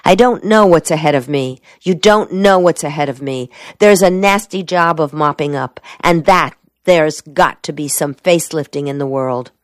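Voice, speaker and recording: A woman's voice: sits low, moderate pace, hardly any pauses, dry recording, lightly acted. A woman voicing a determined young male soldier who speaks in short, clipped words. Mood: earnest. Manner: terse, clipped speech. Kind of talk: audiobook dialogue reading.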